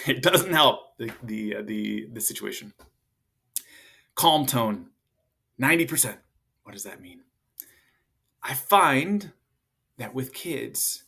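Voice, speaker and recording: A parenting coach in his thirties gives casual advice to camera in a loose, chatty way, full of fillers. His voice is mid-range for a man, husky, pushed and bright, with some vocal fry. Now and then he lifts it higher to act out what a parent or child might say.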